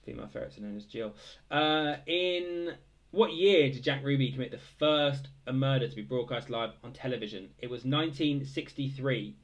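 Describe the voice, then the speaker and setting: A man's voice: mid-range voice, normal speed. A young man casually reading out quiz answers, hesitant, full of fillers, with dry joking asides. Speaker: quiz host.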